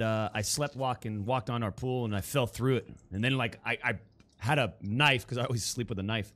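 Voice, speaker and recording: Man streamer, casual rambling anecdote, mid pitch. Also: moderate pace, fairly bright tone. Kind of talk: casual storytelling to chat.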